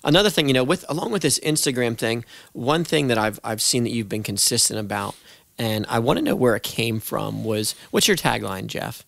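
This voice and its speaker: Earnest young man with gravelly voice. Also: medium pitch, lively intonation, a little fast, fairly bright tone, no echo. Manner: earnest, affirming, rambling questions. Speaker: podcast host. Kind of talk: casual interview chat.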